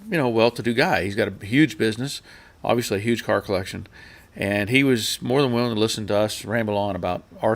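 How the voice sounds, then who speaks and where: Hosting a casual live stream, a man with a somewhat low voice rambles through his stories, full of fillers and restarts, and then reads viewers' comments aloud.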